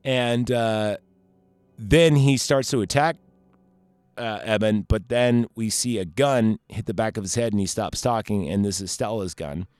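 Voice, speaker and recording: A man talks through a movie in a loose, rambling way, cracking jokes and swearing freely. His voice sits fairly low, and the sound is close and dry with no room echo. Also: measured pace, a little mellow, clean tone, faint music behind. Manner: rambling, joking, profane, many fillers. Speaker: movie recap host. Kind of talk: casual chat.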